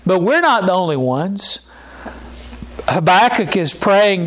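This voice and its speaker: A man with a high, light voice delivers a sermon at an unhurried, deliberate pace. He reads scripture carefully, then preaches with fervent pleading and frequent restarts. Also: animated.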